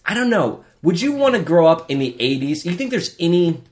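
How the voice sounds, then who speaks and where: A man's voice: on the high side, very animated, a little fast, slight background noise. A man in his forties from the Phoenix area, co-hosting a podcast in casual, joking, rambling chat. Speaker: podcast co-host.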